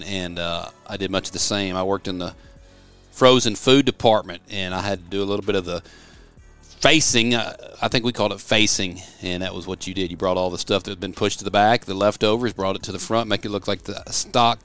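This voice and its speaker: A man's voice: on the low side, fairly quick, a bit bright, clear, resonant tone, soft background music. A middle-aged man from West Tennessee, hosting a podcast in a studio office, rambling and folksy as he tells stories. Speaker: podcast host. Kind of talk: casual podcast chat.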